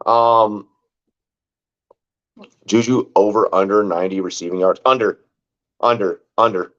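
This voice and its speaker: A man with a lowish voice hosts a fantasy football podcast, talking at a moderate pace and pausing often. The casual sports talk is rambling and loose, full of repeated words and "like," with a bit of profanity. The sound quality is dull and lo-fi.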